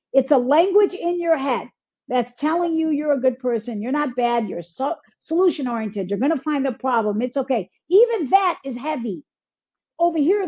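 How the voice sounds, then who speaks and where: A woman's voice: high voice, a little mellow, husky. A woman from Michigan, a healer and coach, speaking in an interview and acting out inner self-talk in quoted voices. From Michigan, United States. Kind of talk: conversational interview. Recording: dull lo-fi sound.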